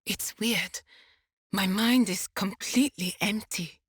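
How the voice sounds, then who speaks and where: A woman's voice: medium pitch, slow pace, slightly rough, no echo, studio quality. An actress playing a nervous female psyker who hears whispering voices, wry and laughing to herself. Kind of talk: video game voice acting.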